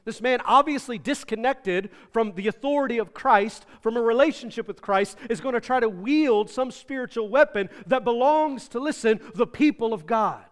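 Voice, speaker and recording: Pastor, male, emphatic sermon delivery, high voice, long reverb of a church hall. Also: normal speed, hardly any pauses. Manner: emphatic, swings between loud and soft.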